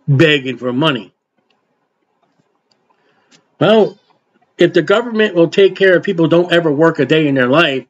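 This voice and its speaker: An older man preaching an informal Bible sermon in a folksy way, acting out quotes and adding asides. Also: high voice. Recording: dull lo-fi recording.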